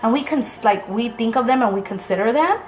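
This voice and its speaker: A young mother talks straight to her viewers in a loose, unfiltered way, swearing without a second thought. She acts out what her family said with lively energy. Faint room noise sits under the voice. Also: on the high side, a little fast. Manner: chatty, blunt, swears freely, acts out quotes animatedly. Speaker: vlogger, mother of two. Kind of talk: casual chat to viewers.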